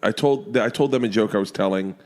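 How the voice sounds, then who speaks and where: A man in his forties, a comedian guest telling stories on a podcast, animated and freely swearing as he acts out his family's lines. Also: fairly low pitch, fairly quick. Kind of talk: casual podcast storytelling. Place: comedy club during a remote podcast.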